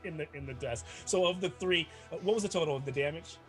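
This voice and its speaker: A man's voice: a little high, fast talker, fairly bright tone, soft background music. A man running a tabletop role-playing game as dungeon master, chatty and often laughing, with many restarts.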